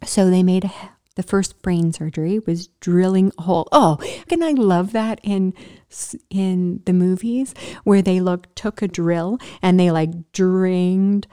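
A woman vlogger talks straight to her viewers with a mellow, fairly low voice. She tells her story casually, breaks off mid-sentence, and acts out sound effects as she goes. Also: measured pace, clean tone. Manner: animated, makes sound effects, frequent restarts. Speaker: vlogger telling a personal story.

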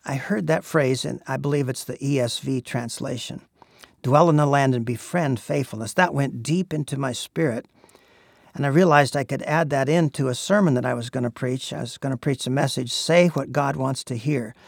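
Male preacher, gravelly voice, earnest, unhurried sermon delivery, dry close recording. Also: medium pitch, no room sound. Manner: earnest, measured, with frequent "uh" pauses.

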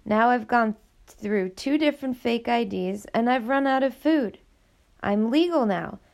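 A woman reads an audiobook, voicing a frightened, hungry young girl on the run in a pitched-up, pleading way. Her voice is gravelly and a little mellow, with a bitter mood.

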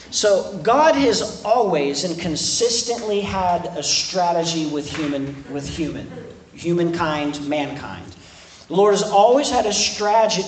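A high-voiced man leads a church service as pastor, reading scripture and then explaining it in loose, conversational speech that repeats words and restarts sentences. He stands some distance from the mic, so the room's echo carries his voice. A faint hiss sits under the recording. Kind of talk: evening sermon with scripture reading. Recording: echoey room, speaker off-mic, faint noise.

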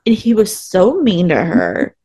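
A woman's voice: medium pitch, a little slow, slightly rough. Woman podcast host recapping a show, chatty and sarcastic, voice bouncing all over. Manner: animated, sarcastic asides, acts out quotes. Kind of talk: casual TV episode recap chat.

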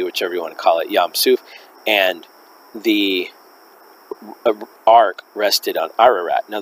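A man's voice: lowish voice, a little hiss or hum, low-quality recording. A man hosting a religious teaching podcast, musing aloud, correcting himself and reading passages to listeners. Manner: musing and self-correcting while teaching, reads quoted text aloud.

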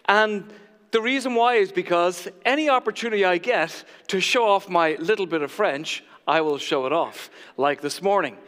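A man with a high voice preaches to his congregation. He jokes at his own expense as he tells his stories. A long church reverb trails behind every phrase. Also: moderate pace, a bit bright, smooth. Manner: jokey, self-mocking storyteller. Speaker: pastor. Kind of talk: sermon. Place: church sanctuary.

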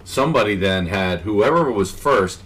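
A man's voice: lowish voice, animated, moderate pace, a bit bright, low-quality recording. A man co-hosting a podcast, chatting casually and chiming in with short reactions. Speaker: podcast co-host. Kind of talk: casual chat.

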